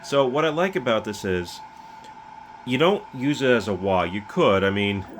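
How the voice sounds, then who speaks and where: Low-voiced man casually demoing a guitar pedal. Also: moderate pace. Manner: relaxed, rambling, with fillers and restarts. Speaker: pedal builder demoing his pedal. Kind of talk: casual demo talk.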